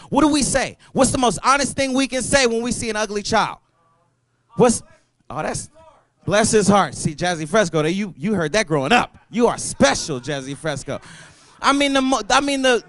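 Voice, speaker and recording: A young man doing an open mic stand-up set, animated and loud, throwing apologetic asides to the crowd. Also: extremely high pitch, no echo. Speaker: stand-up comedian. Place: comedy club stage.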